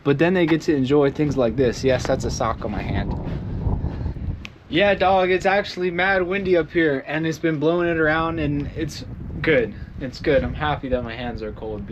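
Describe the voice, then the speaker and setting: A man from the Southern United States with a slightly high voice vlogs outdoors on a windy mountain, joking and rambling casually. The cold slows his speech, and the lo-fi recording picks up wind noise.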